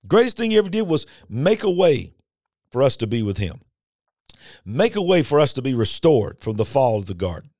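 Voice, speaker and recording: Male preacher, fiery and emphatic, wide-ranging pitch. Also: very animated, a little fast, darkish tone, no echo, clean studio sound. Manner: fervent, emphatic preaching with sudden high swells and rhetorical questions. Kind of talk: podcast sermon.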